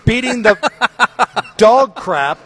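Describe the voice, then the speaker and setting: A man hosting a morning radio show, telling stories in a chatty, animated way. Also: sits high, normal speed. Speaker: radio host. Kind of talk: casual morning radio banter.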